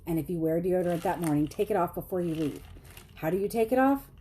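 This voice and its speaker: A woman's voice: expressive, fast, warm tone, a little hiss or hum. A woman, telling a story to her viewers in a chatty, self-deprecating way. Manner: chatty, self-deprecating, laughs often, quotes others in high voices. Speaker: vlogger.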